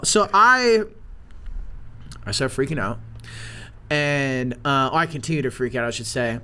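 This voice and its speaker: A young man casually telling a wild story as a podcast host, animated and full of swearing and "like". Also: medium pitch, measured pace, long pauses.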